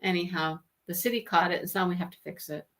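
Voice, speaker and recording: A woman's voice: on the low side, fast talker, fairly bright tone. A woman hosting a craft channel live stream, chatting casually and laughing often with exasperated asides.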